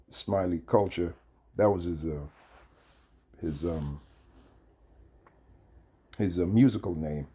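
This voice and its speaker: A man in his fifties hosting a video, chatting and reading aloud in a halting way with many fillers and restarts. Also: low voice, warm tone, slightly rough. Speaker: video host. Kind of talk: casual commentary and reading aloud.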